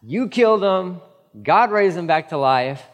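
A fairly high-voiced man preaching from a church stage, his words trailing off into a long hall reverb. He tells the story with animated, casual asides and slips into quick impressions of the people he quotes. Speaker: pastor. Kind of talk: sermon.

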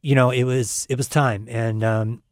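An earnest young man talks on a live call-in show, stopping often with fillers as he gathers his thoughts. His voice sits at a middling pitch. The sound is dry and close. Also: steady tone, no room sound. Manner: earnest, halting with many fillers. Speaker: guest musician. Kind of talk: casual live radio talk.

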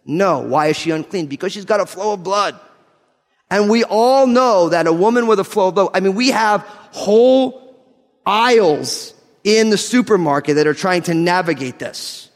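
A man from New Jersey preaching a sermon, mixing scripture reading with animated, joking stories and laughing through his lines. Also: sits high, moderate pace, long reverb tail. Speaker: pastor. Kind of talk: sermon with humorous storytelling.

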